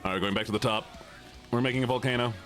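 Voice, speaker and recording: Over soft background music, a game streamer talks very fast in a steady, slightly bright medium-pitched voice. He keeps up casual chat with his audience, joking around and teasing them as he plays.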